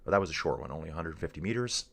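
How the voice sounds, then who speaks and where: A middle-aged man giving casual live commentary on a bike race, chatty and energetic, calling his viewers dudes and guys. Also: rumbling low, very fast, creaky.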